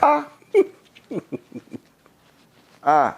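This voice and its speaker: An older man from the USA telling stories in a casual interview, animated and profane, laughing as he talks. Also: very high voice, extremely slow, creaky. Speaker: guest storyteller.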